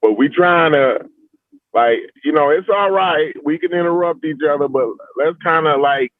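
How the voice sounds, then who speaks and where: A man moderating a group voice chat, calmly asking people to stop talking over each other. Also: fairly high pitch, moderate pace, no echo. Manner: easygoing, calls for order. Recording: phone-like thin voice chat audio.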